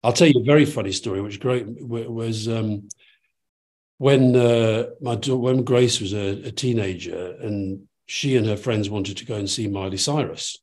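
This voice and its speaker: A man, a podcast guest telling an anecdote with lively asides. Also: on the low side, moderate pace. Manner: animated anecdote-teller, quoting others in changing voices. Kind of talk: conversational storytelling.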